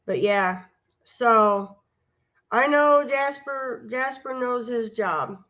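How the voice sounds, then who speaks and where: A woman's voice: medium pitch, unhurried, fairly bright tone. A woman hosting a live stream, chatting casually in a rambling, homespun way with many asides. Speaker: vlogger and live stream host. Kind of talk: casual storytelling chat.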